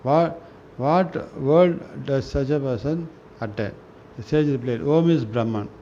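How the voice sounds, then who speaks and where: A man reading spiritual scripture aloud in a slow, halting way, often restarting words and clearing his throat. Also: medium pitch, warm tone. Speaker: reader of a spiritual newsletter. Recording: dull lo-fi recording with faint noise.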